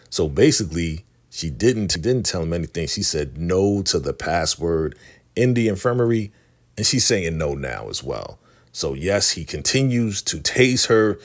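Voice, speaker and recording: A man casually recapping a TV episode, acting out the characters' lines in an animated way. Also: low-pitched. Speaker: show recap host.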